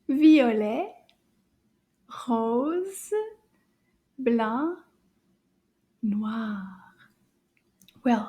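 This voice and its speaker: A woman teaching a children's French lesson in a cheerful, sing-song way, speaking slowly and clearly for young learners, sometimes dropping to a soft whisper. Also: fairly high pitch. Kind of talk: kids' language lesson.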